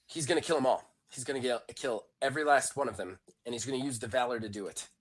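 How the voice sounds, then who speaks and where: A man's voice: medium pitch, fast, a little hiss or hum, close to an everyday voice. A man voicing a frightened, injured woman officer who gives urgent, pleading warnings in a tabletop game.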